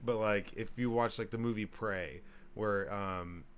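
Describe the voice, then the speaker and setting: A man's voice: on the low side, steady tone, unhurried, fairly bright tone, clean tone. A man co-hosting a podcast in casual chat, easygoing and dry in his jokes. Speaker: podcast co-host.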